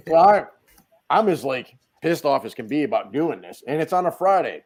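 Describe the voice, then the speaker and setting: A man, a guest on a video call podcast, telling stories in a loud, casual way and acting out the quotes. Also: on the high side, moderate pace. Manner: animated storyteller, acts out quotes, swears casually. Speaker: guest, dent repair tech. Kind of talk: casual storytelling chat.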